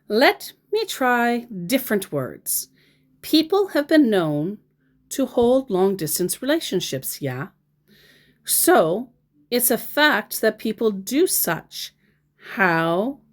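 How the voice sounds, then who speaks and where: A woman in casual commentary on scam chats, sarcastic and laughing often. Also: mid-range voice. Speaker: scambaiter vlogger.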